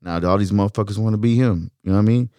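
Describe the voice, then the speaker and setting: Blunt, profane Texas rapper with a low voice. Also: male voice, racing, mellow, no echo. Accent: Houston, Texas. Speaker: rapper, interview guest. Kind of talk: casual interview chat.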